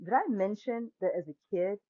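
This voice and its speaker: A woman in her forties tells a personal story as a podcast host. She talks in an animated way and acts out the people she quotes. The sound is tinny and phone-like, with a dry, close feel. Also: mid-range voice, normal speed, no room sound. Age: 40s. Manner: animated, acts out quoted voices, laughs often. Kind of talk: storytelling monologue.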